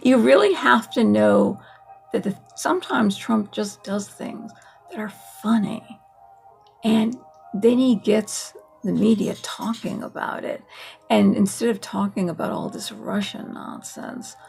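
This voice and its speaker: A woman's voice: medium pitch, big pitch swings, a little slow, creaky, a little mellow, faint music behind. A woman vlogger giving a casual, sarcastic political monologue, laughing at her own points.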